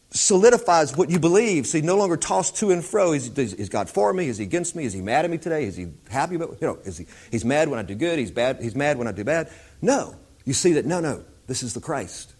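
A man's voice: mid-range voice, breathy edge. A man preaching an informal Bible teaching in a conversational way, often repeating himself.

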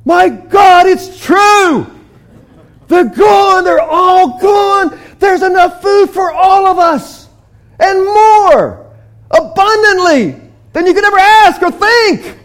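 A man voicing astonished scouts who shout their news from a distance, retelling a story in a sermon. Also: very high voice, animated, slow pace, pitched above the performer's own voice, exaggerated voice. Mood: ecstatic. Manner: shouting, ecstatic.

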